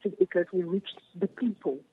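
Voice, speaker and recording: A woman's voice: lowish voice, normal speed, husky, dry recording. A woman, a guest speaking earnestly and passionately over the phone, repeating her key phrases. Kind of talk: phone interview. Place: home in Germany. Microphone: phone line. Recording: tinny phone line.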